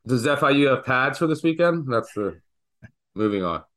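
Excitable man hosting a betting chat. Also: mid-range voice, moderate pace. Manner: animated storytelling, excitable. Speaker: podcast host. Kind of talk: casual sports betting chat.

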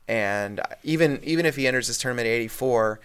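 A man's voice: mid-range voice, fast talker, fairly bright tone, clear, resonant tone. A man co-hosting a casual sports podcast, talking in long rambling turns full of fillers. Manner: rambling, many fillers and restarts. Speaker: podcast co-host.

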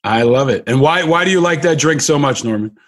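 A man's voice: on the high side, animated. A man hosting an interview, gushing with praise and often restarting his sentences. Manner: gushing, halting with many restarts. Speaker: podcast host.

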